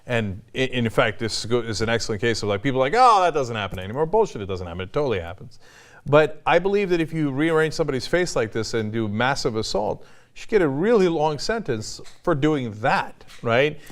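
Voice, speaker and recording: A man's voice: medium pitch, expressive, fairly quick. A middle-aged man hosting an online news show, arguing his opinions bluntly and swearing casually. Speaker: news commentary host.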